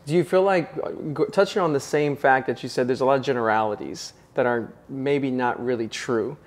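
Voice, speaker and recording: A man's voice: medium pitch, a little fast. A man hosting an interview indoors, asking eager, hyped-up questions that ramble with fillers. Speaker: interview host. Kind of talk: conversational interview. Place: penthouse apartment, indoors.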